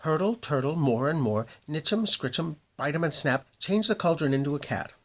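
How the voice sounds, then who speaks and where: A man voicing a fretful young princess who keeps getting her magic spells wrong, in a high squeaky voice. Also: animated, moderate pace, fairly bright tone. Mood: chanting spells.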